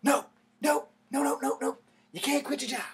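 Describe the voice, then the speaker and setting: A man's voice: very high-pitched, moderate pace, far from the mic, voice pushed up. A man voicing his stern mother on the phone, firmly scolding and swearing.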